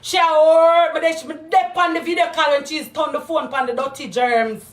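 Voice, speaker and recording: A high-pitched Jamaican woman on a live stream, hammering the same accusations over and over and breaking into loud shouts. Her voice rings around an echoey room. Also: fairly even intonation, brisk, faint music behind. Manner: accusing, repetitive, loud outbursts. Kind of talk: heated live-stream rant.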